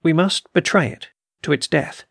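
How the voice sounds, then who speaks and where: A man reading as a composed doctor of the occult in a storybook recording, speaking quietly and deliberately. His voice is slightly raised and gravelly. The recording is dry and close. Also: on the high side, dry recording. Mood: calm. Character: calm deliberate male occult doctor, measured. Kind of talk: audiobook character reading.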